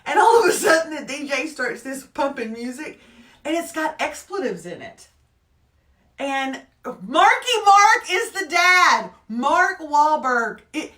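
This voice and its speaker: A woman's voice: high voice, pushed and bright, reverberant, recorded from a distance. A woman co-hosting a casual live morning show, chatting animatedly and reading out viewer comments. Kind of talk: casual live-stream chat.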